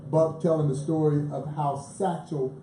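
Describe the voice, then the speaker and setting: Guy spinning baseball yarns on stage, kinda high mellow voice, big echoey room. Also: moderate pace. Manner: animated storyteller who chuckles through his tales. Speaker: baseball museum president, panel guest. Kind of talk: lively anecdotal storytelling on stage. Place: live event in a bar venue. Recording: echoey live venue, faint background noise.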